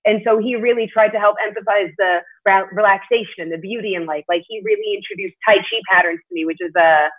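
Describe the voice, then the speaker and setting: This podcast guest, a female martial arts competitor, speaks fast at a medium pitch with fairly even intonation and hardly any pauses. The interview is casual, and she's open and chatty, swearing from time to time. The line sounds tinny, like a phone.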